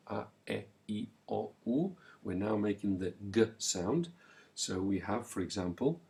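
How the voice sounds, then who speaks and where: A man teaching a recorded language lesson, slowly and clearly modelling words and pausing so the listener can repeat them. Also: on the low side. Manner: slow, clear modelling of words with pauses for repetition.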